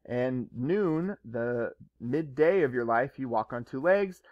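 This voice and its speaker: A male teacher casually retelling a story for his class, chatty and joking, dropping into quick voiced asides. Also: mid-range voice, lively intonation, no echo, muffled recording.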